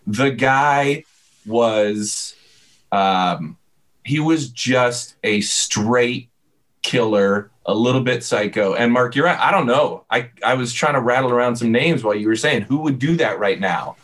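A man's voice: mid-range voice, a little slow. A man in casual sports chat, animatedly retelling a game play by play. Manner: animated storyteller, replays moments play by play.

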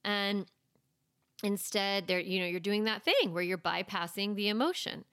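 A woman's voice: medium pitch, normal speed, fairly bright tone, clear, resonant tone, dry recording. Mom coach lady talking casually, lots of like and you know, super dry sound. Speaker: parenting coach and podcast host. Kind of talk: casual advice talk.

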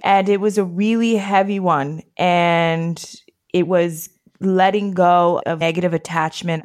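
A woman being interviewed, telling personal stories in a lively way, acting out quoted speech and laughing often. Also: on the low side. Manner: animated storyteller who acts out quotes, laughs often. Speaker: interview guest. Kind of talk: casual conversation.

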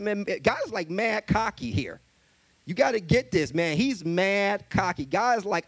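Male minister, high voice, punchy casual sermon delivery with repeated lines, dry close sound. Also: expressive, moderate pace, no room sound. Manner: emphatic, colloquial, repeats key phrases.

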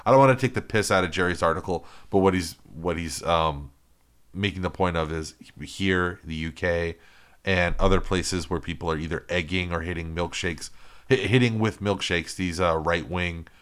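A man's voice: low-pitched, normal speed, fairly bright tone, clear, resonant tone. A man co-hosting a podcast in casual chat, sardonic and profane, laughing often. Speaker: podcast co-host.

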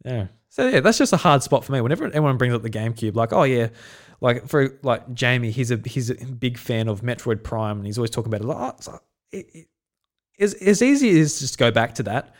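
A man's voice: mid-range voice, big pitch swings, a little fast. A young man from South Australia, hosting a casual podcast and telling stories in a rambling way, with many restarts. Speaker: podcast host.

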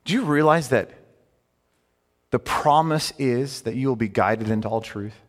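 A man's voice: mid-range voice, measured pace, long reverb tail. A man preaching a sermon as a pastor, conversational and emphatic, with many rhetorical questions.

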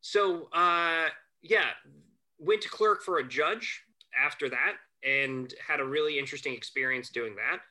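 Bright-voiced man telling animated stories. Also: on the high side, measured pace. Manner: animated anecdotes, acts out quotes, chuckles. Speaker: podcast guest, family lawyer. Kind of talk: casual storytelling chat.

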